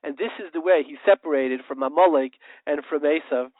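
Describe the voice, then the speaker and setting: Impassioned high-voiced man over a tinny line. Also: a little fast, dry recording. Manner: impassioned, rhetorical questions, tells parables. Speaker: radio show host. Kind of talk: preachy radio monologue. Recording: tinny phone-like line, dry.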